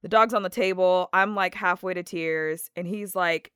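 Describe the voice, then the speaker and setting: A woman guest on a podcast, chatting casually and telling stories with animated, acted-out quotes. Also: fairly low pitch, fast talker, few pauses, clear, resonant tone, dry recording, studio quality. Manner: animated storyteller, acts out quotes. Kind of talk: casual chat.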